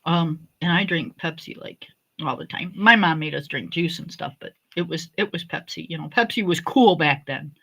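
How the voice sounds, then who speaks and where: Bright-voiced woman chatting casually. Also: deep voice, moderate pace, creaky, husky, lo-fi sound. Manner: relaxed, chatty, reminiscing. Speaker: livestream host. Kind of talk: casual chat.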